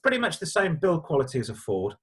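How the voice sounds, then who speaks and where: A man's voice: fairly high pitch, fast talker. A middle-aged man co-hosting a car show, chatting casually through viewer letters in a jokey, stammering way. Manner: lively, jokey, stammering restarts.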